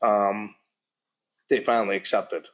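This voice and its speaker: Middle-aged man with a lowish voice, halting and earnest, giving personal testimony at a forum. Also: fairly even intonation, a bit bright. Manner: plain-spoken, halting, earnest storytelling. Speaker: speaker at a public forum. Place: university event hall.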